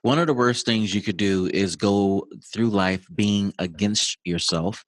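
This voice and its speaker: A man hosting a podcast, speaking in a measured way and summing up his guest's points. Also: fairly low pitch, no echo. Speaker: podcast host. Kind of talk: reflective interview talk.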